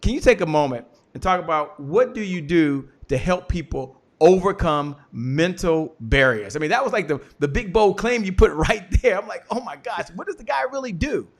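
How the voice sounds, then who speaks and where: A man hosting an interview show, talking casually and excitably, cheering on his guest. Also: fairly high pitch, normal speed, hardly any pauses. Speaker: show host.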